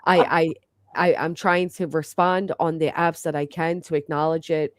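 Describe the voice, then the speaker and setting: A woman's voice: deep voice, flat delivery, normal speed, dry recording. A woman chatting casually on a livestream, rambling and heartfelt as she thanks her host. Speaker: livestream guest.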